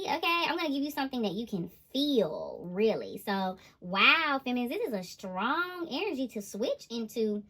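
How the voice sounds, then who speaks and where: A woman giving a casual tarot reading to her viewers, animated and exclaiming as she goes. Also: on the high side, moderate pace. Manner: animated, laughing, exclaiming "ooh, child". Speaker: intuitive tarot reader.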